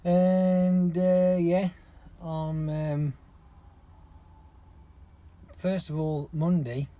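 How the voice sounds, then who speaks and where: A man, swearing constantly as he rants through an animated story to his vlog viewers. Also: medium pitch, a little hiss or hum. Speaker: lorry driver vlogger. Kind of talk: casual rant to camera.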